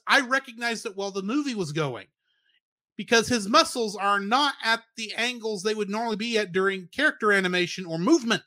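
A man's voice: high voice, lively intonation, brisk, sharp tone, no room sound. A man co-hosting a movie review podcast, explaining details in casual chat. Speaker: podcast co-host.

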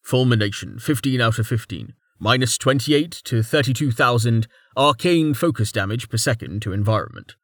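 A man voicing a flat magic system interface reading out numbers in an audiobook. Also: medium pitch, normal speed, few pauses, no room sound, studio quality. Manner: monotone listing of numbers.

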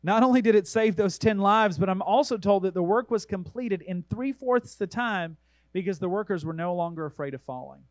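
A man preaching a sermon in a fairly high voice, his delivery earnest and emphatic as he urges the listener on. He slows into a measured cadence when reading scripture. The sound is dry and close, with almost no room around it. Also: animated, dry recording, rough recording. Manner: reads scripture aloud in a measured way. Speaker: pastor.

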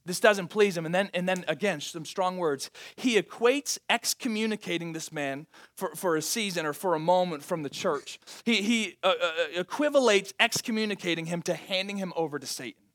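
A man's voice: high voice, expressive, normal speed, hardly any pauses, a bit bright. A man preaching a sermon as pastor, talking emphatically with frequent restarts and rhetorical questions to the congregation.

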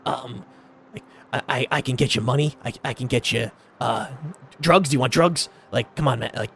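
Man voicing a gruff, desperate prisoner; gravelly, pleading, stammering. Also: medium pitch, normal speed, slight background noise. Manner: begging, stammering, hushed.

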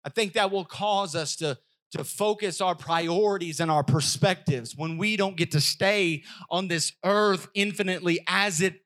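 During a church service, a male pastor preaches a sermon in a high voice at a moderate pace. His delivery is emphatic, repeating phrases and swinging between loud, raised lines and soft, quiet ones.

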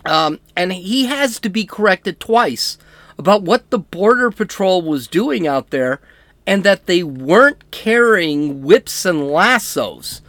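Combative man with a lively, swinging voice. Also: sits high, slow pace, no echo. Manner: blunt, combative and sarcastic. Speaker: political talk show host. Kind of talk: opinionated political commentary.

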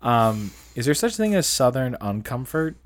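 A man's voice: medium pitch, very animated, moderate pace, a little hiss or hum. A man co-hosting a casual podcast chat, joking, laughing often and swearing freely. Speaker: podcast co-host.

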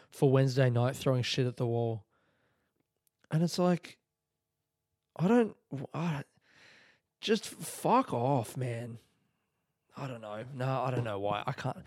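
A man's voice: mid-range voice, darkish tone, dry recording, clean studio sound. Rambling sweary man. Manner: rambling, sweary, laughs often. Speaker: podcast host, comedian. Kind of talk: casual solo podcast rant.

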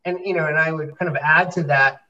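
A man's voice: a little high, steady tone, a little fast, bright, forceful tone, far from the mic. Male host, conversational and affirming, off-mic, dull audio. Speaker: host and fundraising consultant. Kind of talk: podcast conversation.

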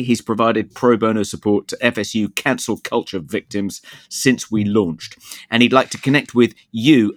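A man's voice: mid-range voice, no echo, studio quality. A man hosting a podcast, reading a sponsor advert with wry asides. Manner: reads ad copy with wry asides and laughs. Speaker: podcast host.

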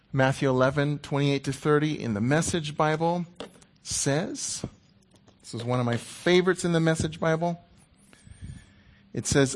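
A middle-aged man preaching a sermon in a conversational, playful way, dropping to a hushed voice when he quotes God. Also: mid-range voice.

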